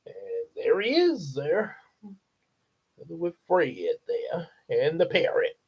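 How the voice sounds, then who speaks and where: A storyteller with a fairly high, husky voice and wide pitch swings reads a children's novel aloud, unhurried and casual, laughing and tossing chatty asides to his listeners. The audio sounds dull.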